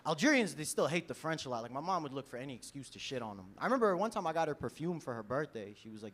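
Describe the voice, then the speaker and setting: A slightly high male voice comes in rapid-fire with hardly any pauses, a little hiss or hum underneath. He's a New York stand-up in his 20s on a comedy club stage, loose and chatty, laughing at his jokes and saying "you know?" a lot.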